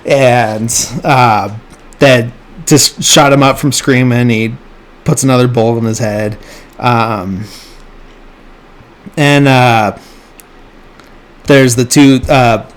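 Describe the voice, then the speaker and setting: Slow-talking man recapping a movie. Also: medium pitch, fairly even intonation. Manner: loose, rambling retelling that briefly acts out character lines. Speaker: podcast host. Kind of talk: casual movie plot recap.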